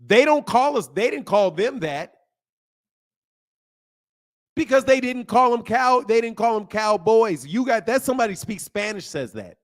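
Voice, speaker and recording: A high-pitched man lecturing his livestream chat. He talks heatedly and uses loose slang. He repeats words over and over as he drives his point home. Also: lively intonation, a little slow. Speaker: livestream host. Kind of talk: casual livestream talk, answering chat.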